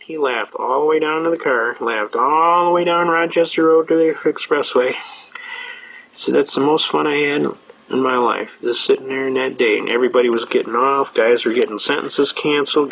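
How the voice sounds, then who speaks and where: An older man talks at a middling pitch in a folksy, rambling way, drifting from one courtroom anecdote to the next with plenty of "uh" along the way. The recording is dull and lo-fi, with the top end rolled off. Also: a bit bright, a little hiss or hum. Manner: rambling, chatty storyteller with frequent uh fillers. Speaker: speaker on citizens' rights.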